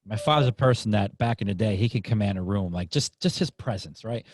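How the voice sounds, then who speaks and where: A man hosting a podcast interview, telling a story in a casual, animated way and acting out the people in it. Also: on the low side, a little fast. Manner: animated, acts out voices in anecdotes. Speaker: podcast host.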